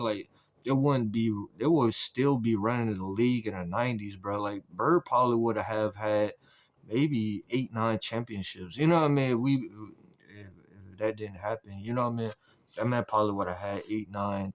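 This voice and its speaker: A man hosting a reaction video, talking in loose, profane slang and getting worked up as he reacts. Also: on the low side. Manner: loose, profane, excitable slang-heavy talk. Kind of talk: casual reaction commentary.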